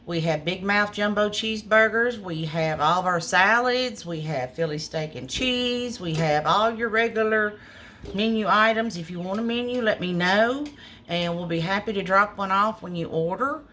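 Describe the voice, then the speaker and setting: Woman cook, homey chatty vlog on a phone, mid pitch, faint noise. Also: moderate pace, bright, forceful tone. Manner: homey, chatty, addresses viewers as y'all. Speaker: small restaurant cook. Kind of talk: casual cooking video. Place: restaurant kitchen. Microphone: phone camera.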